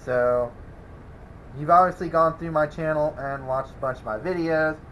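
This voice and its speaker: On a lo-fi recording with a little hiss or hum, a welding channel host with a higher voice talks at a moderate pace to the camera. He rambles casually, chuckling and exasperated while replying to a troll.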